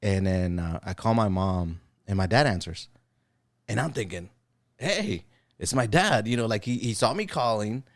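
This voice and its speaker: A man's voice: fairly low pitch, normal speed, dry recording, clean studio sound. A man in his forties co-hosting a podcast, chatting casually and acting out voices as he tells family stories. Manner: animated storyteller who acts out quoted voices. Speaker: podcast co-host. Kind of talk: casual chat.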